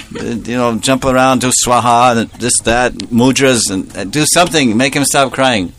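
A man telling a devotional story as a sermon, animated and playful, laughing often and adding joking asides. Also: mid-range voice, unhurried, a little hiss or hum.

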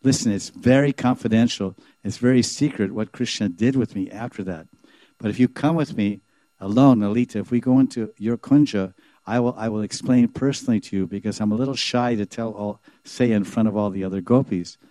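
Guy playing a sneaky god pretending to be a shy girl, coy and confiding, warm lowish voice. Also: brisk, dry recording, lightly acted. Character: sly young male god imitating a shy girl.

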